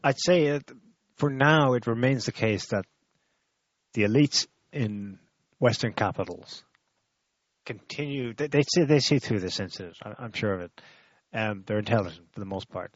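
A man with a lowish voice speaks in a measured, hesitant way, pausing on ums and repeating words. The recording is dull and dry. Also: dry recording. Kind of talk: casual political chat.

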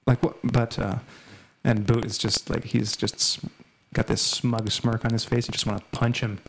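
A man's voice: medium pitch, flat delivery, normal speed, husky, poor audio. A man in casual political chat, heated and scornful, rambling with many restarts. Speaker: podcast co-host.

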